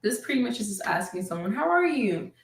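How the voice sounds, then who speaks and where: Upbeat woman with American accent teaching slowly in an echoey room. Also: on the high side, big pitch swings. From Sierra Leone. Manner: upbeat, repeats words slowly for learners. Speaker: language teacher in a video. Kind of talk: casual video lesson.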